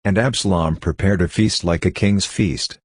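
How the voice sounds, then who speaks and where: Man, very low voice, Bible reading, steady and measured, dry close sound. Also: no room sound. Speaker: Bible reader. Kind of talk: scripted scripture reading.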